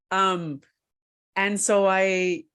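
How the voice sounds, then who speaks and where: This is a woman co-hosting a conversational podcast. She tells a personal story casually, at a middle pitch. She stays animated, with frequent laughter breaking into her talk. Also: clean tone. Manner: animated, laughs often, acts out quoted voices. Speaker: podcast co-host and researcher.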